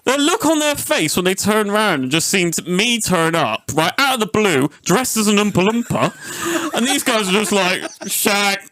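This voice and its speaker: A man's voice: high voice, moderate pace, hardly any pauses, no room sound. A young man, telling a rowdy, swear-filled story as a podcast host. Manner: sweary, animated anecdote-telling. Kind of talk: casual storytelling chat.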